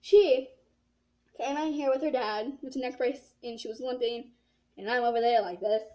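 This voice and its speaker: A woman's voice: fairly high pitch, moderate pace, mellow, muffled recording. A teenage girl telling a casual story-time vlog, rambling and saying "like" a lot. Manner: rambling, filled with "like". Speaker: vlogger.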